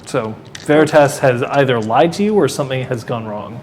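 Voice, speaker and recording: A man's voice: medium pitch, moderate pace, darkish tone. A man running a tabletop role-playing game as game master, narrating casually and swearing now and then.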